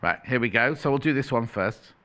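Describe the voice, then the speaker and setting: Speaking quickly in a mid-range voice with a sharp edge, a man hosts a shopping channel. His live sales patter is playful, and he corrects himself while reading out prices.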